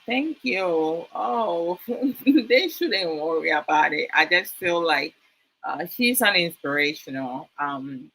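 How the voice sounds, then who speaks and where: A woman's voice: deep voice, pushed and bright, poor audio. A woman hosting a live stream, talking earnestly with many fillers and stopping to thank viewers for their comments. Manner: frequent fillers, slow and earnest. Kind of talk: casual live stream talk.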